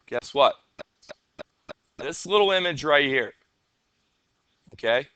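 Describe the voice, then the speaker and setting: A male teacher leads a class through a coding lesson, firing off questions and then answering them himself. His voice is bright and crisp with a slightly high pitch. It sounds close and dry, with no room echo. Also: lively intonation, unhurried, pauses often.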